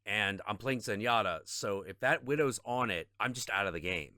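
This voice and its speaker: A man with a lowish, expressive voice, pushed and bright, talks at a normal pace in clean, echo-free studio-quality audio. Streaming a video game, he rants in frustration with heavy swearing, repeating half-finished phrases and trailing off into mutters in casual gaming chat.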